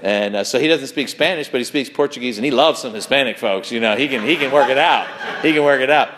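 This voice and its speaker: A man's voice: medium pitch, quick pace, fairly bright tone, in a large hall, a little hiss or hum. A male pastor preaching a sermon, telling stories in a loose, conversational way with fillers and restarts.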